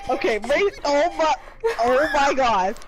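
A young woman playing a game on stream, loud and swearing, laughing and exasperated. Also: sits high, expressive, slow pace, heavy background noise. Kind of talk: casual let's-play reactions. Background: game music.

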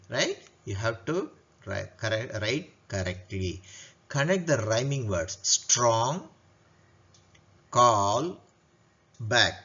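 A man teaching a lesson, slowly repeating questions and answering them himself. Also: mid-range voice, a bit bright. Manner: slow, repetitive, asks and answers his own questions. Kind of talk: classroom lesson walkthrough. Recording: dull lo-fi recording.

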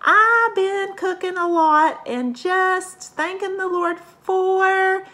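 Puppet cook: a friendly, drawling kitchen lady, played by a woman, high and loud. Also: slow pace, heavily acted. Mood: homey. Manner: homey drawl, greets with "howdy, y'all".

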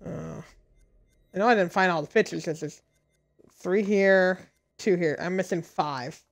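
A woman's voice: lowish voice, a little slow, creaky. A young woman giving gameplay commentary, exasperated and swearing at the screen. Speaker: gaming video creator. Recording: voice over game audio with music. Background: game music.

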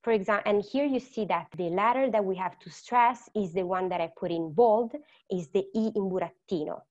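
A woman's voice: medium pitch, normal speed. Italian woman teaching, lo-fi sound. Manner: explains patiently with many fillers and restarts. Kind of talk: online language lesson.

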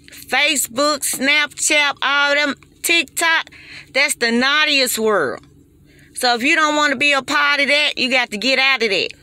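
A vlogger in her forties delivers an impassioned, preachy monologue straight to her phone. Her voice is on the high side, bright and forceful, and she's emphatic and repetitive.

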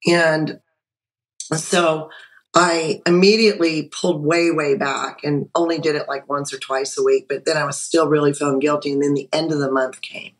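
Joining a video call as a guest, a middle-aged woman with a low voice recounts her own experience at a moderate pace. She's animated and emotional, quoting her past words as she acts them out in casual storytelling, over a rough recording.

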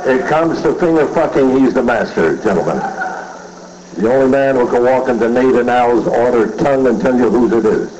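A man's voice: mid-range voice, normal speed, muffled recording, noisy background. A man comedian delivering insulting, bawdy one-liners at a roast on a banquet dais. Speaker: roast speaker. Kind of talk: stand-up roast.

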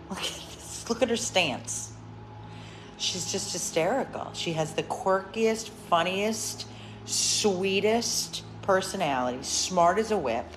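A woman from a dog rescue talking casually at home about a dog up for adoption, chatty and fond, slipping into high baby talk. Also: a little hiss or hum.

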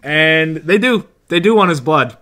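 A man co-hosting a podcast, chatting casually about a movie in quick, joking bursts. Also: a little high, expressive, pushed and bright. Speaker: podcast co-host.

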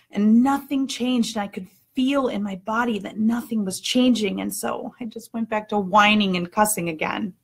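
A woman in her thirties telling a personal story in a candid, expressive way, acting out her own outbursts. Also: fairly high pitch, moderate pace, hardly any pauses, husky.

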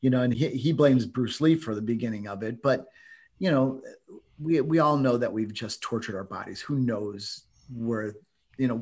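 Man, middle-aged, husky voice, casual rambling storyteller. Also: mid-range voice. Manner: rambling storyteller, animated, laughs often. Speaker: martial arts instructor on a discussion panel. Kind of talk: casual chat.

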